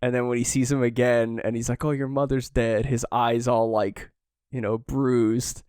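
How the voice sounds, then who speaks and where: A man's voice: mid-range voice, flat delivery, moderate pace, clear, resonant tone, no echo, studio quality. A man co-hosting a podcast, chatting casually and reading comic panels aloud with sighs. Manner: emotional, sighing, reads dialogue quietly. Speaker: podcast co-host.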